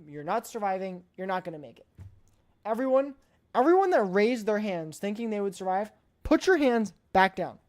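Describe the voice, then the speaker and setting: A woman's voice: mid-range voice, darkish tone. A woman streamer chatting casually on a live stream, emphatic and playfully blunt, often repeating her points.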